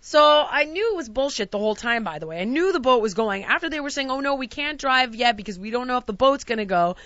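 A woman's voice: a little high, lively intonation, fast talker, a bit bright, dry recording, dull audio. A woman telling a travel story in casual chat, acting out quotes and ranting with the odd swear word. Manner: dramatic, acts out quotes, rants with swearing.

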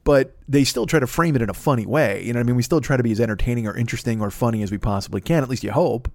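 A middle-aged man with a mid-range voice races through his words in a dry, clean studio recording. Hosting a comedy podcast, he delivers a rambling, profane, self-deprecating monologue, jumping between tangents and mock voices.

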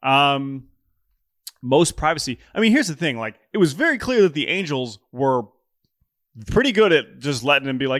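A podcast co-host on a baseball show speaks at normal speed in an animated, mid-range voice with a fairly bright tone. Chatting casually, he jokes, reads listener emails and often restarts sentences; the studio recording has no room sound.

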